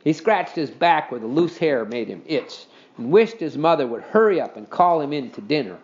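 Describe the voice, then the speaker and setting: A man narrating a children's storybook in an animated, expressive reading style. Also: fairly high pitch, moderate pace, dull audio. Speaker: audiobook reader.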